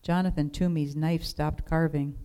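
Calm mellow storybook narrator. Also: medium pitch, clear, resonant tone. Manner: calm, measured. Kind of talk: storybook read-aloud narration.

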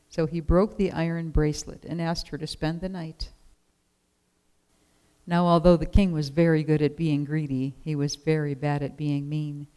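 A storyteller reading a children's picture book aloud in a gentle, expressive way. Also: medium pitch, clean tone, rough recording.

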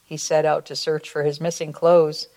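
A woman reading a children's story aloud at a church service in a slow, expressive way, ending with a short prayer. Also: low voice.

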